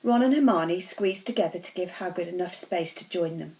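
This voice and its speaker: A woman teacher reading a children's novel aloud in a steady, expressive storytelling voice. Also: fairly low pitch, fairly quick, poor audio.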